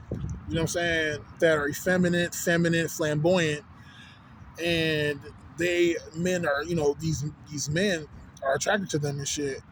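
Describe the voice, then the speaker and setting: A man's voice: a little high, slight background noise. A man with a Texan accent ranting casually outdoors on a city street, rambling and profane, constantly asking if you follow him. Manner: rambling, profane, keeps asking "you know what I'm saying". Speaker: vlogger. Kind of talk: casual rant.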